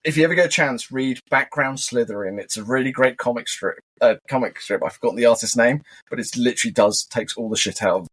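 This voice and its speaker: Casual co-host, a man with a husky voice and jokey, wandering chat. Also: medium pitch, fast, few pauses. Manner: animated, joking, rambling tangents. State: wired on caffeine. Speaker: podcast co-host.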